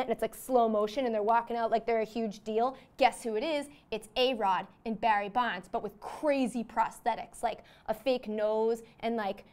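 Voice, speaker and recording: A young woman with a slightly high voice spins a comedic monologue as host. She rambles casually, dropping "like" into nearly every phrase. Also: a little fast, few pauses, smooth. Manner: rambling, peppered with "like".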